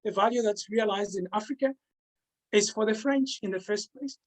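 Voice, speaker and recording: A man presenting his own book in an academic talk over a video call, halting and repeating words as he restarts his sentences. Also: high voice, poor audio.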